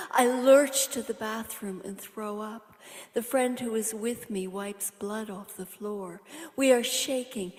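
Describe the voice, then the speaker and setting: A woman's voice: mid-range voice, in a large hall. A woman poet giving an intense, rhythmic reading of her own poem, often dropping to a whisper. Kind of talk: dramatic poetry reading. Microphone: online reading setup.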